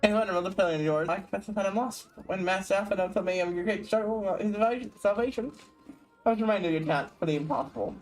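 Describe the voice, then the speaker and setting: A man's voice: high-pitched, fast talker, faint music behind, pitched above the performer's own voice, natural voice. A man voicing a chatty female game character while reading the game's dialogue aloud. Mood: earnest.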